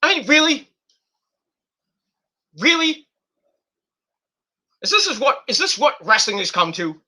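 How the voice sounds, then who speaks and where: A man's voice: extremely high pitch, big pitch swings, a little slow, pushed and bright. A middle-aged man hosting a livestream, ranting casually and profanely with sarcastic mock quotes. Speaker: streamer host.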